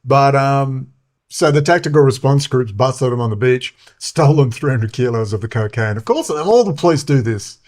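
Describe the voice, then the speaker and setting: Aussie guy ranting, swears a lot, lots of ums, mid-pitch voice, middle-aged. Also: expressive, moderate pace, darkish tone. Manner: profane, heated, many fillers. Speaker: show host. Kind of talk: rambling monologue.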